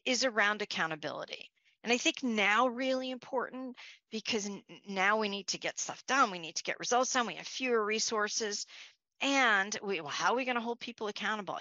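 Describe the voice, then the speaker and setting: A woman's voice: mid-range voice, bright, forceful tone, dry recording, dull audio. A woman from Long Island, New York, giving a conversational leadership talk with stories and restarts. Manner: conversational, restarts, storytelling asides. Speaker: leadership speaker.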